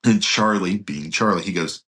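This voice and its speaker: A man's voice: low voice, normal speed, husky. A male pastor guest on a podcast, telling anecdotes and acting out the dialogue of the people in them. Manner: animated anecdote-telling, acts out quoted dialogue. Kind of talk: storytelling in a podcast interview.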